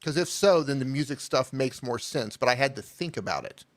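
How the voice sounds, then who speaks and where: A man co-hosting a live-stream channel review game show, easygoing and candid, reasoning out loud as he critiques. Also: mid-range voice, expressive, fairly quick.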